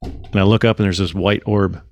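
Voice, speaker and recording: A man's voice: low-pitched, a little fast, a little hiss or hum. A man in his thirties hosting a podcast, telling a story in casual chat and acting out the quotes. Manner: animated storyteller, acts out quotes, swears casually. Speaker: podcast host.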